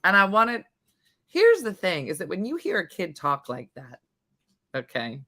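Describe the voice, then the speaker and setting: A woman's voice: lowish voice, unhurried. A woman hosting a morning show, chatting casually and telling a story with acted-out quotes. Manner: animated storytelling, acts out quoted voices. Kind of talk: casual chat.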